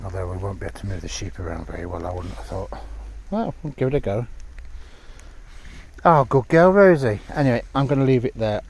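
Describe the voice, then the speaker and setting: A man's voice: low-pitched, fast, creaky, few pauses, a little hiss or hum. Man calling commands to sheepdogs outdoors. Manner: calls dog commands loudly, then talks softly to camera. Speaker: sheepdog trainer. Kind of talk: casual training vlog. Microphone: phone camera.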